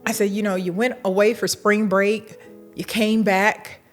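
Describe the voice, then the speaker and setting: A middle-aged woman, a university administrator, telling a lively story in an interview, acting out the dialogue and laughing now and then. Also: medium pitch, measured pace, soft background music.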